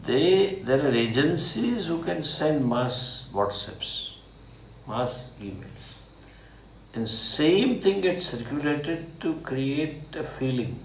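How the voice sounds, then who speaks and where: A man with an Indian accent, a swami answering questions in a slow, animated talk with laughing asides. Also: on the high side, creaky, slight background noise. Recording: echoey room with faint ambience.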